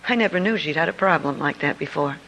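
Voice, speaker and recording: A middle-aged woman, an author and speaker, telling a personal story to an audience in an earnest, confiding way with lively emphasis. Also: low-pitched, fast talker, slight background noise, low-quality recording. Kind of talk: storytelling speech.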